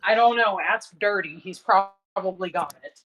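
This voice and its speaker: A woman chats casually with friends on a gaming stream. She speaks bluntly and teases the others at a medium pitch. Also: measured pace, a bit bright, slight background noise, rough recording. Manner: blunt and teasing. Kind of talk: casual chat.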